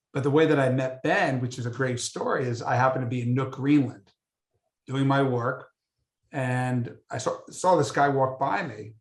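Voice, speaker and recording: An American man, a guest photographer, telling stories in a casual interview and acting out the dialogue. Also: mid-range voice. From United States. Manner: animated storyteller, acts out dialogue. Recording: roomy echo.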